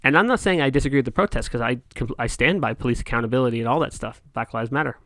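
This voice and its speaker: A middle-aged man rants casually to camera in a vlog, telling a story in a heated, exasperated way with frequent restarts. He speaks very fast in a mid-range, fairly bright voice, captured as clean studio sound with no room echo.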